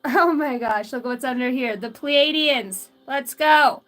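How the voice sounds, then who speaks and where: A woman's voice: sits high, unhurried, fairly bright tone. A woman doing a live tarot and oracle card reading, giggling often, swearing freely and chatting in asides to her spirit guides.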